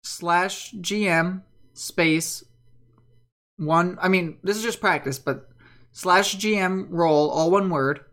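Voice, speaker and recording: A woman with a fairly low voice runs a casual online tabletop game as game master. She talks easily and patiently, walking the players through the rules with plenty of fillers. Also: slow, a bit bright.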